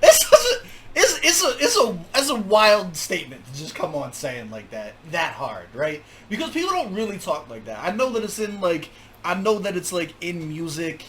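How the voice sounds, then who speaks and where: A man hosting a music reaction video, talking casually with jokes, laughter and quick asides. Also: a little high, a little hiss or hum. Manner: animated, laughing, joking asides.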